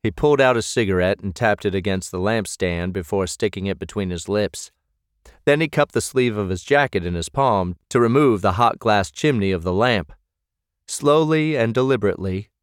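A man narrating an audiobook in a measured, even manner. His voice sits on the low side. The recording is close and completely dry. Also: smooth, dry recording. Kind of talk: scripted narration.

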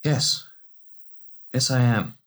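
A man's voice: medium pitch, extremely slow. A man playing an eager, homesick warrior. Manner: eager, earnest. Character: hopeful, eager male warrior longing for home. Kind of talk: audiobook character reading.

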